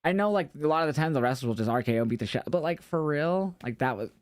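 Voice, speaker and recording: A man co-hosting a wrestling podcast, recapping shows in casual chat with animated storytelling, swearing often and acting out quotes. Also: on the high side, quick pace, no echo, clean studio sound.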